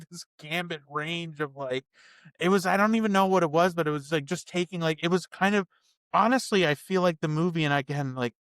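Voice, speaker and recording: A man's voice: fairly high pitch, a bit bright, clean tone, no room sound, clean studio sound. A man co-hosting a movie review podcast, talking casually and animatedly, swearing and acting out scenes. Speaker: podcast co-host.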